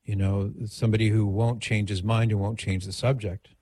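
A man's voice: on the low side, flat delivery, moderate pace, warm tone. A middle-aged man hosting a radio call-in show, giving advice in a conversational, digressive way.

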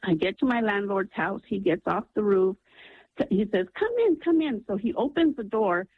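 A woman's voice: mid-range voice, moderate pace, breathy edge, no echo. A woman calling in to a radio show, earnestly telling a long personal story with many ums. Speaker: caller. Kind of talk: phone-in storytelling. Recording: tinny phone line.

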